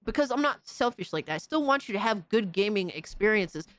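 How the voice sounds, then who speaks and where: A woman's voice: mid-range voice, animated, brisk, fairly bright tone, dry recording. A woman hosting a podcast, giving a profane, mocking, repetitive gaming rant in casual talk. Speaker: podcast host.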